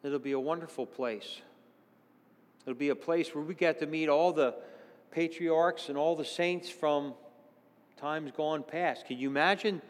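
Man preaching in a reverberant church. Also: on the high side. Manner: earnest, swings between hushed and exclaiming. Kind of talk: sermon.

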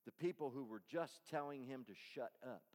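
A male pastor preaching a sermon, swinging from loud, emphatic calls down to soft near-whispers. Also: mid-range voice, normal speed. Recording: long reverb of a large hall.

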